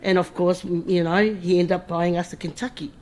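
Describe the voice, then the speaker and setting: A woman's voice: lowish voice, steady tone, fairly quick, a little mellow. A middle-aged woman speaking at her brother's funeral, emotional and informal, often restarting her words and laughing between tears. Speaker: eulogy speaker, sister of the deceased. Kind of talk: funeral eulogy.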